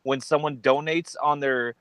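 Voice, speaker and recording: A man's voice: mid-range voice, fairly even intonation, normal speed, fairly bright tone, clean tone, no echo, poor audio. A man on a casual live-stream group chat, joking and laughing as he retells clips.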